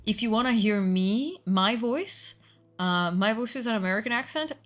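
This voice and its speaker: A woman streamer chatting casually with her viewers, talkative, swearing freely and reacting loudly. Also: a little high, moderate pace, soft background music. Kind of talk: casual live-stream chat.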